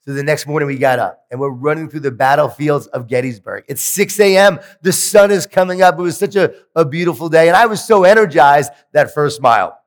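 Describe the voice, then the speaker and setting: A man delivers a motivational keynote with a fairly high voice, telling lively stories and poking fun at himself. His voice rings through a large hall with a long tail of reverb. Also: fairly quick, hardly any pauses. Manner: animated storytelling with self-deprecating humor. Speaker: keynote conference speaker.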